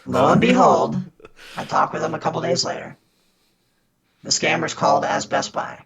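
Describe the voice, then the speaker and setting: A man's voice: medium pitch, huge pitch swings, moderate pace, vocal fry, crowd noise, low-quality recording. A man guest on a podcast, earnestly telling stories of fighting scammers, often restarting his sentences. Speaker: podcast guest, scam baiter. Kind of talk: casual interview storytelling.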